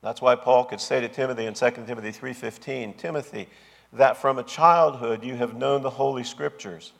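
A man's voice: medium pitch, steady tone, brisk, vocal fry. A man preaching a sermon as pastor, with an emphatic, repetitive cadence. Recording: long hall reverb.

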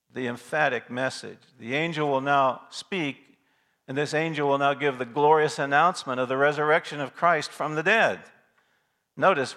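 A man's voice: on the high side, pushed and bright. A male pastor preaching a sermon in an emphatic way, stopping to ask his listeners rhetorical questions.

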